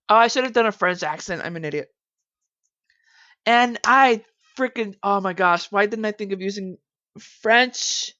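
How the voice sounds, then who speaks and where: A woman chatting her way through a game, self-mocking and casual. The recording is dry and dull lo-fi, and her pitch is mid-range. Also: moderate pace, long pauses, bright, forceful tone, no echo. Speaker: gameplay commentator.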